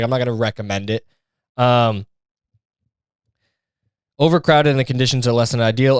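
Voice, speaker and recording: A male comedy podcast host who rambles through a sarcastic, profanity-laced monologue. His voice is smooth and clear, and the close mic gives it a dry sound with no room echo. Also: medium pitch.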